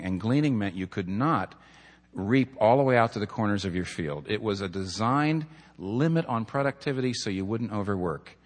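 A man's voice: medium pitch, fairly bright tone. A man preaching a sermon in an earnest, storytelling manner, building to emphatic points. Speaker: pastor. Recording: long hall reverb.

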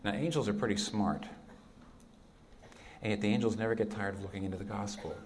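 Earnest low-voiced male preacher. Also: steady tone, fairly quick, a little hiss or hum. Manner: earnest, emphatic, drops to quiet for key lines. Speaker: pastor. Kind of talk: sermon.

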